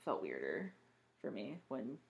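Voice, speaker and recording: A woman's voice: a bass voice, wildly swooping pitch, unhurried, vocal fry, muffled recording. A young woman co-hosting a podcast in casual chat, candid and joking with frequent laughs. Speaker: podcast co-host.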